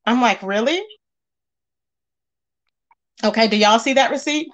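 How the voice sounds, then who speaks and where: A woman hosting a casual gossip commentary, talking straight to her viewers in an animated way with lots of fillers. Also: a little high, fast talker. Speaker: commentary channel host.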